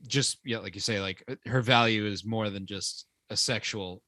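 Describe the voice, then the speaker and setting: A man's voice: fairly low pitch, pushed and bright, no echo. Chatty man reviewing films. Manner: chatty, laughs easily, halting restarts. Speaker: podcast co-host. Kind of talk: casual movie review chat.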